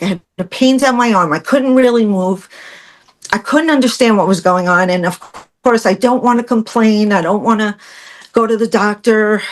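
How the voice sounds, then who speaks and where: A middle-aged woman guest telling a personal story in conversation, animated, acting out what others said and laughing through hard parts. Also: medium pitch. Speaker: podcast guest.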